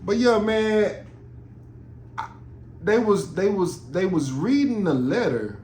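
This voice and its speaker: A man's voice: high-pitched, animated, slow pace, darkish tone. Rambling, profane male podcast host. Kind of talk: casual podcast monologue. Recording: roomy with faint noise.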